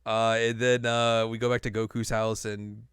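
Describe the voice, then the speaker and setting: A man's voice: on the low side, flat delivery, normal speed, fairly bright tone, smooth, dry recording, studio quality. A man co-hosting a podcast, casually recapping an episode in a rambling way, with lots of "uh" and "like". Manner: rambling recap with many fillers. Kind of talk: casual chat.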